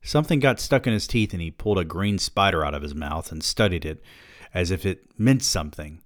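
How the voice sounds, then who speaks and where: A man hosting a podcast, reading a novel aloud with wry, deadpan asides. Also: low-pitched, a little fast, no echo, clean studio sound. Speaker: podcast host.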